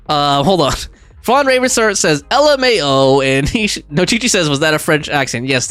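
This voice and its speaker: A man's voice: a little high, fairly bright tone, dry recording. A man streaming a video game live, chatting and rambling as he plays and reads chat aloud. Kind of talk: live gameplay commentary.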